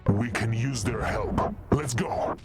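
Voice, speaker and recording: A man's voice: medium pitch, slow pace, lightly acted. An actor playing a defiant, battle-hardened soldier hero in a video game, barking his lines. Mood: earnest. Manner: barked battle cries. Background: loud game music.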